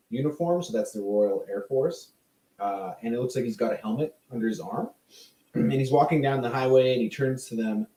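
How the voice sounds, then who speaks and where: A man's voice: mid-range voice, dark tone, distant mic. Man chatting in a roomy space. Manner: rambling, jokey, laughs often. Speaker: podcast co-host. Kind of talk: casual chat, storytelling.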